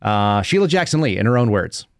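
A man's voice: lowish voice, big pitch swings, brisk, vocal fry, smooth, no echo. Guy in his 30s ranting on a podcast, mocking, laughs a lot, dead dry mic. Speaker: podcast host. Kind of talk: opinionated podcast commentary.

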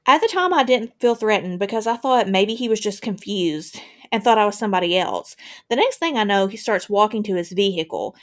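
A woman's voice: mid-range voice, expressive, a little fast. A woman reading a true crime case aloud on a podcast. Her delivery stays casual and conversational, and she voices long first-person accounts between asides. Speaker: podcast co-host.

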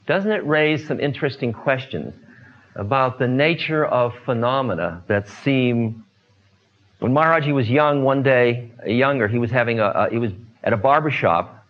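An older man in a relaxed storytelling talk, unhurried, trailing off into fillers and asides as a spiritual teacher. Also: medium pitch, highs cut off. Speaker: spiritual teacher telling stories.

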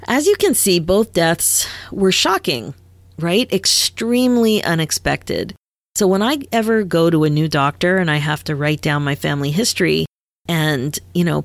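Woman in her 50s, podcast host, lowish gravelly voice, chatty and candid, dry close mic. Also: no echo. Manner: candid, conversational, laughs often. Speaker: podcast host and midlife coach. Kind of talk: personal storytelling monologue.

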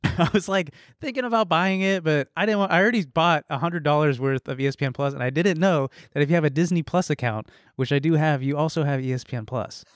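Podcast dude rattling on quick, cussing lots, bit high voice, dry close mic. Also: male voice, no echo. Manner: rapid, animated, swears a lot. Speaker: podcast co-host. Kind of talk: casual podcast chat.

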